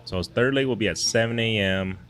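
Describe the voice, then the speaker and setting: A man's voice: fairly low pitch, fairly quick, a bit bright. A man co-hosting a fishing podcast from a brewery, chatting casually with a rambling, laid-back manner. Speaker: podcast co-host. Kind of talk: casual chat. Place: brewery taproom.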